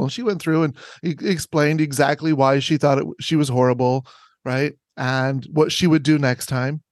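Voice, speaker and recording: Animated former principal, slightly high voice. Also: male voice, moderate pace, no echo, clean studio sound. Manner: animated, rises sharply in pitch for emphasis. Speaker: podcast co-host, former school principal. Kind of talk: anecdote in casual chat.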